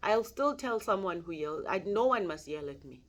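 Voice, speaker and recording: A woman's voice: mid-range voice, expressive, moderate pace. A woman mentor giving a motivational mentorship talk, earnest and repeating her key points for emphasis. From South Africa. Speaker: mentor and life coach.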